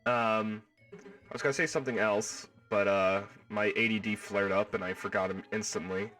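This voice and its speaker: Stuffed up hoarse guy streaming, rambly and hyped, bright edgy voice a bit off mic, faint music behind. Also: fairly low pitch, moderate pace, far from the mic. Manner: excitable, rambling, riffs and repeats himself. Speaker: livestream host. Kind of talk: casual chat with live viewers.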